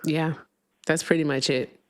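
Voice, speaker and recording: A woman hosting a live call-in show, talking bluntly and sarcastically and cutting callers off quickly. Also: sits low, steady tone. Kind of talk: casual live-stream chat.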